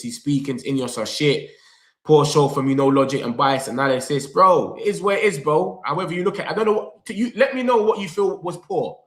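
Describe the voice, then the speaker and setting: A young man, hosting a football fan reaction vlog. He talks in an animated, slangy way, straight to his viewers, and reads their comments aloud. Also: fairly high pitch. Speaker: football fan channel host. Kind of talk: excited live reaction vlog. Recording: echoey room.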